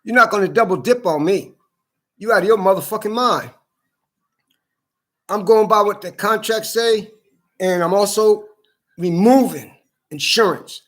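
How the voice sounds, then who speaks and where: A man's voice: high-pitched, a little slow, long pauses, fairly bright tone. A man in an angry, heated rant to camera, swearing a lot and repeating himself. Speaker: vlogger.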